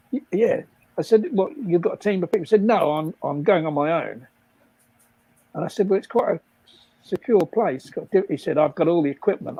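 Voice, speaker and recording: Older bloke rambling thru funny stories, husky voice, high and bouncy pitch. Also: male voice, dark tone, no room sound, rough recording. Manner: rambling, laughs often at own stories. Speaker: guest storyteller. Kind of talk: casual anecdote telling.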